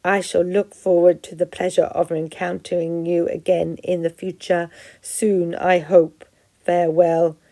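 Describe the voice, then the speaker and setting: A woman reading aloud and voicing a slow, stiff, overly formal female robot. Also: lowish voice, level tone, dark tone.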